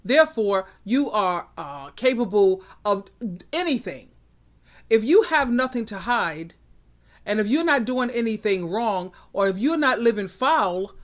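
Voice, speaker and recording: A woman hosting a commentary vlog, giving emphatic, outspoken relationship advice. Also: a little high.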